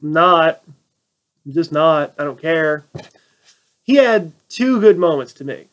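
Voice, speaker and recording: A movie reviewer with a slightly high, animated, somewhat slow voice rants casually and sarcastically about a film. He mocks the plot and acts out quotes in mocking voices.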